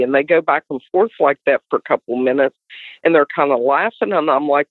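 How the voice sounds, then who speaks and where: A middle-aged woman with a West Virginian accent, telling a story as an animated guest. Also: low voice, fairly quick, no room sound. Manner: animated storyteller, acts out others' voices. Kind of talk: casual storytelling. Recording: tinny dry phone line.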